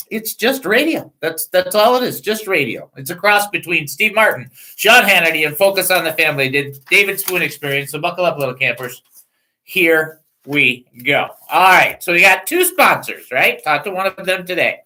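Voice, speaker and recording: A middle-aged man hosting a casual talk radio show, joking and rambling in a self-mocking way and reading out phone numbers slowly. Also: sits high, pushed and bright, low-quality recording.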